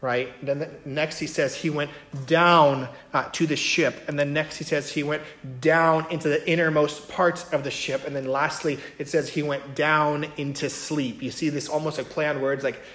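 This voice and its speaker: A man teaching from scripture in a relaxed, conversational way, often checking in with his listeners. His voice sits a little higher than most men's. The room around him is roomy and echoey. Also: normal speed, few pauses. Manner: conversational, many fillers and "right?" checks. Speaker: Bible teacher. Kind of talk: casual Bible teaching.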